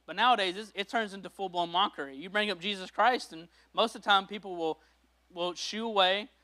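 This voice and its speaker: A pastor whose voice sits high talks briskly through his sermon. He tells the story in an animated way, voicing the people involved.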